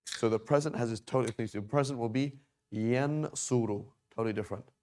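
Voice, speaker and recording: An Arabic teacher gives a classroom lesson on verb conjugation at a whiteboard, explaining patiently and often checking in with "right?" and "okay?". His voice is medium-pitched, a little fast, and slightly mellow.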